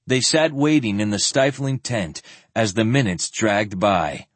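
A man reading an audiobook with a low, husky voice and a lively, animated delivery. The recording is dry and close, with no room sound. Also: measured pace, no echo. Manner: expressive reading, shifting voices for characters. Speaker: audiobook narrator. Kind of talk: scripted narration.

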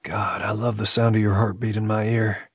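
A man voicing a tender young man in love in an audiobook romance, soft, intimate and a little hushed. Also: on the low side, little pitch movement, normal speed, husky, no echo, studio quality.

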